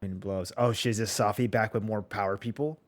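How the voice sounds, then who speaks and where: A man streaming a game reaction rant, excitable and profane, constantly calling out bro and dude. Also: on the low side, fairly quick. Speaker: gaming streamer. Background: game music.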